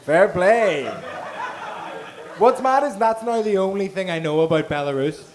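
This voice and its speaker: A man's voice: high-pitched, measured pace. A man hosting a comedy night, doing teasing crowd work with swearing and laughter. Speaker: comedy show host. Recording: noisy live room mic.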